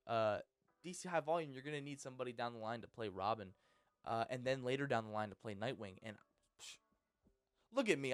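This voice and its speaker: A man in his twenties hosting a casual, ranting vlog, rambling and excitable with frequent restarts. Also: medium pitch, dry recording. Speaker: channel host.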